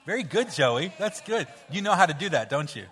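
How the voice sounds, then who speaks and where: A man leading an interactive children's Bible story in church, playful and coaxing as he cues the kids to shout sound effects. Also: on the high side, very animated, a little fast. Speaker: children's pastor. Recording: hall reverb with faint music.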